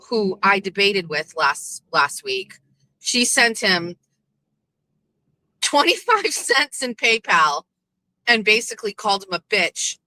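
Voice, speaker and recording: A woman's voice: mid-range voice, poor audio. Punchy, profane woman ranting from her car. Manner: punchy, profane, animated storytelling. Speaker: vlogger and show host. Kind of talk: casual chat while driving. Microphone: phone in a dashboard holder.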